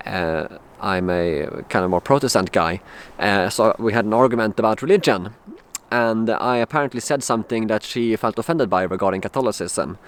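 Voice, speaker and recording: A young man from Sweden, telling a personal story in a casual vlog, halting with many fillers and restarts. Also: on the low side. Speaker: vlogger.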